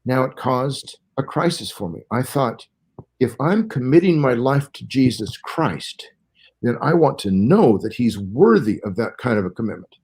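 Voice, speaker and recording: Man in his sixties, Bible scholar, interview guest, lecturing manner, step-by-step explanations, average pitch. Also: animated, normal speed, a little mellow. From Southern California.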